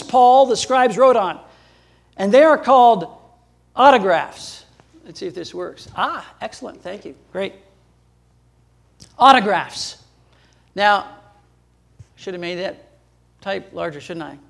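A man preaching a sermon as pastor, emphatic, with sudden jumps in pitch and loudness and chuckles between points.

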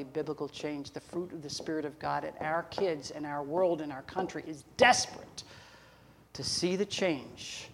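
Older male pastor, high-pitched, folksy preaching with acted-out dialogue. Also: slight background noise. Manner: folksy, laughing asides, acts out dialogue. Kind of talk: sermon.

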